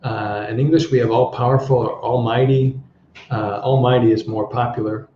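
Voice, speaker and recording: A middle-aged man teaching English through a Bible story, pausing often to explain words and translate them. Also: medium pitch, fairly even intonation, dark tone, a little hiss or hum. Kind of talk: relaxed Bible-based language lesson. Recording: echoey room, slightly dull sound.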